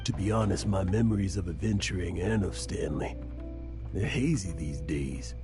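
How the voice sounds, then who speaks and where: A weary, aging adventurer with a rough, gravelly voice. He speaks haltingly and with feeling, at a middling pitch for a man, with game music clearly underneath. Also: expressive. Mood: melancholy. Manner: halting, emotional. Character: aging, remorseful male adventurer.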